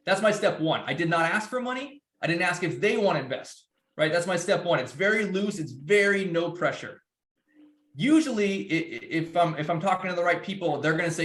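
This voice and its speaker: A man's voice: high voice, expressive, fairly quick, a bit bright, roomy sound. A man speaking in a loose, rambling way, with many restarts, as a guest speaker. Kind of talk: casual presentation.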